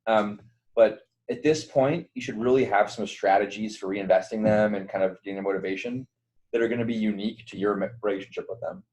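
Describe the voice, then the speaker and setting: A man's voice: lowish voice, a little fast, darkish tone, rough recording. A young man giving a casual online training to volunteer mentors, loose and conversational, with lots of fillers and restarts. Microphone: computer mic on a virtual call.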